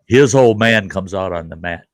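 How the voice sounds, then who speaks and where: An older man hosting a show, telling stories in an animated, profane way and acting out the people in them. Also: sits low, moderate pace, dry recording. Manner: animated, profane, acts out voices. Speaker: host. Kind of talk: casual storytelling.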